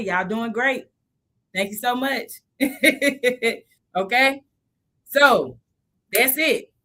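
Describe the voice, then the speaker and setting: A lively woman hosts a casual live stream, talking to her viewers in a chatty, animated way. Her voice sits a little high and sounds bright and forward. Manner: animated, chatty, laughs often.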